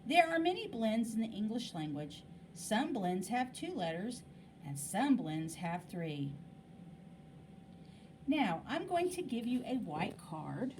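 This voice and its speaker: A woman's voice: a little high, sing-song, slow, a little mellow, distant mic, a little hiss or hum. A woman teaching a phonics lesson to young children, patiently asking questions and stretching out words to demonstrate them. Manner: exaggerated word pronunciation, patient questions to young students. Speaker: elementary school teacher.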